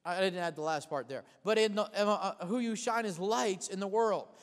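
A male pastor preaching a sermon, calling out to the congregation for responses and repeating phrases for emphasis, speeding up and then slowing down on key lines. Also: high voice. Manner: shifts between fast bursts and slow emphatic lines. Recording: long hall reverb.

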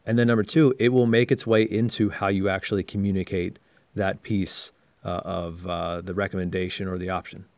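A man co-hosting a casual sales-training podcast, who explains ideas in steady, reflective points. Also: low voice, a little fast, dry recording. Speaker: podcast co-host.

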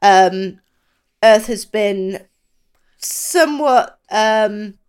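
A woman co-hosting a podcast, describing a book in casual chat and often pausing to find her words. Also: mid-range voice, smooth. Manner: hesitant, with many pauses and fillers. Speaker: podcast co-host.

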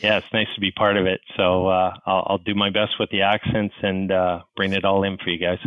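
A man's voice: sits low, level tone, brisk, no echo, muffled recording. A man from Calgary with a Canadian accent, a podcast guest telling stories in a chatty, self-deprecating way. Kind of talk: casual podcast storytelling.

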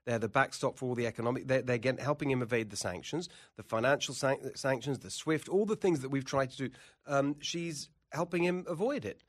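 A man's voice: mid-range voice, brisk. Emphatic, indignant male pundit. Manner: emphatic, indignant, repeats words. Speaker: political commentator guest. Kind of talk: heated political commentary.

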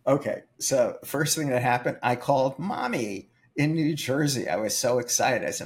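An older man, a film producer, telling emphatic, animated stories in an interview. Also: mid-range voice, normal speed, hardly any pauses, soft background music. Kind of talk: storytelling interview.

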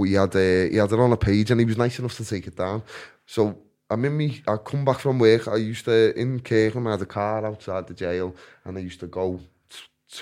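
A man's voice: lowish voice, warm tone. A man telling rambling, self-mocking stories in a casual podcast chat, often restarting his sentences.

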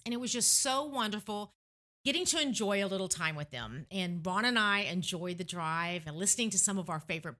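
A woman from Tennessee hosting a faith podcast, telling stories in an earnest, reminiscing way. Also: mid-range voice. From Tennessee, USA. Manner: warm, earnest, reminiscing storyteller. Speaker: podcast host.

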